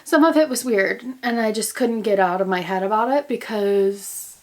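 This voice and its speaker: A woman's voice: medium pitch, moderate pace. A young American woman in her twenties chatting casually to camera at home, rambling and goofy, joking about herself. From United States. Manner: rambling, goofy, self-mocking. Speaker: vlogger, grad student. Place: indoors at home in quarantine.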